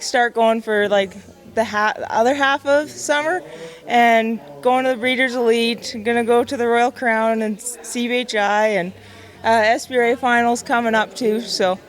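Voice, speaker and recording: Young female horse trainer, emotional, modest, halting answers, slightly high voice. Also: steady tone. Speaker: barrel racer and horse trainer. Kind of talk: casual interview answers.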